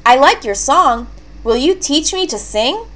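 A woman's voice: sits high, lively intonation, unhurried, a bit bright, voice pushed up. A woman voicing a small, eager young male duck in a storybook reading, earnest and pleading.

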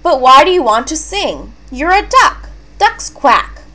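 A kind female bluebird played by a woman talks in a high, light voice. She is gentle and encouraging, lilting like a storybook creature. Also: big pitch swings, unhurried, heavily acted.

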